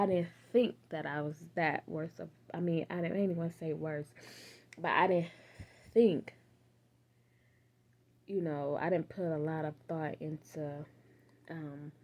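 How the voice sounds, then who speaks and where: A woman giving a casual faith talk to her phone camera, animated and swinging from loud laughter to hushed near-whispers. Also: fairly low pitch. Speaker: vlogger.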